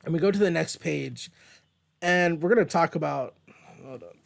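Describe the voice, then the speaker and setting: A man's voice: on the high side, normal speed, gravelly. A man hosting a casual comic book review show from home, rambling and chatty with plenty of fillers and the odd swear word. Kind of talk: casual page-by-page comic commentary. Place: at home, with a dog nearby.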